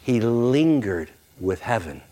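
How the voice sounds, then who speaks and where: A male pastor preaching a sermon to a congregation, jokey and animated, slipping into playful voices for quoted lines. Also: mid-range voice, slow. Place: church sanctuary with congregation.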